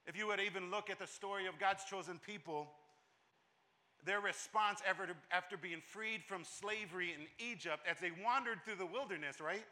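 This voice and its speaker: A man's voice: high-pitched, bright, forceful tone. A man preaching a sermon as pastor, emphatic and repetitive, often restarting his phrases.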